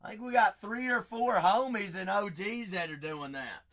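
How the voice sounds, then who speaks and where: A man's voice: high-pitched, normal speed. A man hosting a live card break stream, chatty and hyping up his viewers. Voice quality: raspy. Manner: chatty, hypes up viewers, shouts out names.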